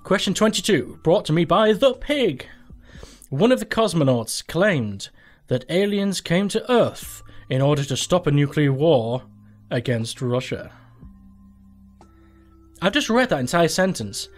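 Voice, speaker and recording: A young man hosting a gaming channel, commenting casually and sweary as he plays a quiz game, thinking aloud in disbelief. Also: on the high side.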